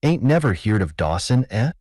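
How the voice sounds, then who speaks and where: A man's voice: mid-range voice, big pitch swings, moderate pace, darkish tone, dry recording, studio quality. A man voicing a frail old male frontier barkeeper with a thin, aged, unsteady voice and a folksy drawl. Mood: amused.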